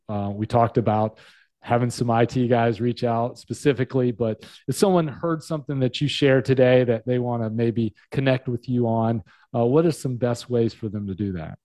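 Mellow-voiced male podcast host. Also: medium pitch, normal speed, no echo. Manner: friendly, calls guest brother. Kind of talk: casual interview.

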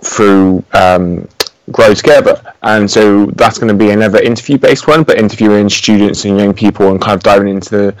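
A man speaking hesitantly in a casual podcast chat, with soft laughs. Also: on the low side, steady tone, brisk, no echo, rough recording. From United Kingdom. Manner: hesitant, many fillers and restarts, soft laughs. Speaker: podcast guest.

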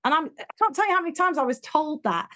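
A British woman talking in an interview, telling stories in an animated, emphatic way and acting out what people said. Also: high voice, fast talker. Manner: animated, emphatic storyteller who acts out quotes. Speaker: interview guest, education speaker. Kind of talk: conversational interview.

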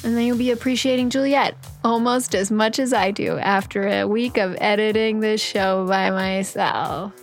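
A playful young woman hosts a casual podcast and tosses in puns between topics. Her voice sits at a middle pitch, and faint music plays under her. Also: fairly even intonation, normal speed, hardly any pauses. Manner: playful, punning, reads show credits. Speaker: podcast host and producer. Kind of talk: casual chat with her mother.

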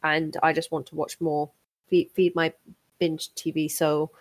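A woman's voice: deep voice, little pitch movement, a little slow. A woman co-hosting a podcast, chatting enthusiastically with lots of ums and restarts. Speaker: podcast co-host. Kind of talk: casual chat.

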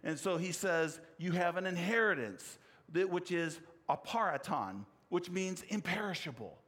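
A man's voice: sits high, expressive, measured pace, a bit bright. A man preaching a sermon, explaining scripture in an earnest way and telling a personal story against himself. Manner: earnest, explanatory, with self-deprecating anecdote. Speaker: pastor.

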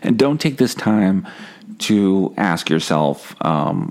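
Gravelly, deadpan comedian man. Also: low voice, takes it slowly. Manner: deadpan, profane, self-mocking. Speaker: podcast host and comedian. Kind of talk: rambling solo comedy podcast.

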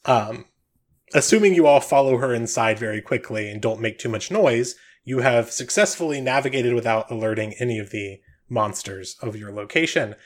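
Relaxed male game master. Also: medium pitch, normal speed. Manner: relaxed, with frequent "um"s. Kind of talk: narrating a tabletop game.

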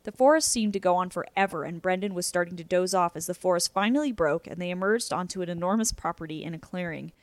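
Woman reading a chapter book aloud, lowish voice, dry close sound. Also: fast talker, few pauses, dry recording. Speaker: audiobook narrator.

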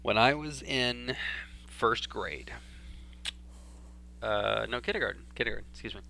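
A young man from Texas telling a story in casual chat, animated and swearing freely. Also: on the low side, creaky. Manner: animated, swearing, acts out voices in his story. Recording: faint background hum.

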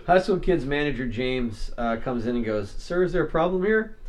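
A man co-hosting a casual podcast. He tells stories with energy and slips into the voices of the people in them. His pitch sits in the middle range. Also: normal speed. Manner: animated storyteller, acts out quotes. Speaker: podcast co-host. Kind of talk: casual chat.

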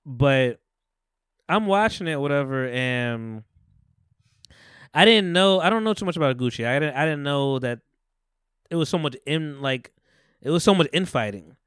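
Podcast host, male, smooth slightly high voice, rambling animated delivery, dry close sound. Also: normal speed, long pauses, no echo. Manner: rambling, animated retelling with profanity and acted-out quotes. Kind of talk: casual chat.

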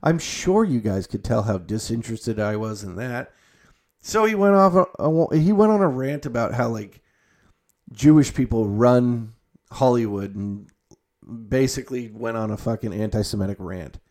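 Profane, animated male podcast host. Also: medium pitch, moderate pace. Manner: profane, animated ranting that shifts into a mock-calm guided breathing bit. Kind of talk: casual ranting monologue.

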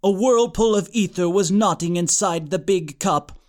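A man's voice: high voice, moderate pace, darkish tone. A man reading a comic story aloud in a dry, matter-of-fact storytelling manner. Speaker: audiobook narrator. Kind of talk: scripted comic narration.

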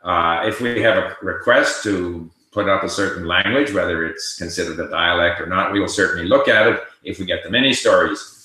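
A man's voice: deep voice, fairly quick, sharp tone. A man hosting a casual livestream, reading viewer questions aloud and answering them in a conversational way. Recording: very echoey room.

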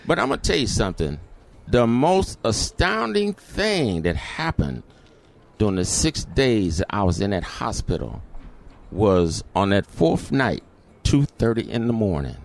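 A man's voice: on the low side, big pitch swings, a little slow, vocal fry. A middle-aged man, telling a personal story as an interview guest and acting out the voices in it.

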